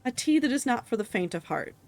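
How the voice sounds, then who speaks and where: A woman's voice: a little high, sing-song, fast talker, creaky, darkish tone. A woman reading out a grand male warrior's lines as he savors tea, in a pompous, theatrical manner. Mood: grandiose. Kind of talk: reading game dialogue aloud.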